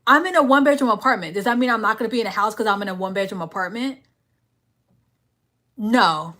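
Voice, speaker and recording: A young woman hosts a late-night live stream and fires back at a commenter in a sassy, confrontational rant. Between bursts she drops low to mutter chat messages half under her breath. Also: fast, pushed and bright. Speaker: livestream host.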